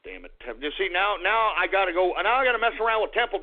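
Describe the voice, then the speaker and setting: A man's voice: high voice, very animated, rapid-fire, soft background music. A man hosting a radio show, ranting in an exasperated, rambling way and repeating himself as he talks to his listeners. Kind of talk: comedic radio rant. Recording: tinny phone-like radio audio.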